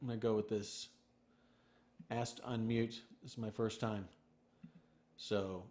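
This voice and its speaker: A man hosting an online interview, relaxed and conversational, taking questions. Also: fairly low pitch, unhurried. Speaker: host.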